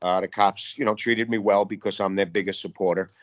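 A man's voice: on the low side, fairly even intonation, fairly quick, no echo, highs cut off. Profane, fired-up man guest. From New York. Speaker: guest artist. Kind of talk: casual interview talk.

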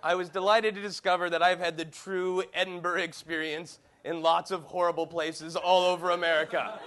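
A man's voice: sits high, fairly bright tone, a little hiss or hum. A man hosting a comedic podcast, teasing and joking with his guest. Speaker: podcast host.

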